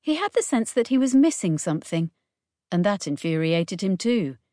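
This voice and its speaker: A woman narrating an audiobook in a measured, even way. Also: mid-range voice, no room sound, clean studio sound. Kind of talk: scripted narration.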